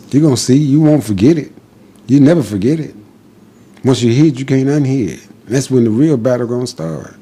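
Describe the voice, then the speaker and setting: Guy with a low mellow husky voice, preachy and defiant, keeps repeating himself. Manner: defiant, preachy, repetitive declarations. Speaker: podcast guest. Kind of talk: impassioned spoken monologue.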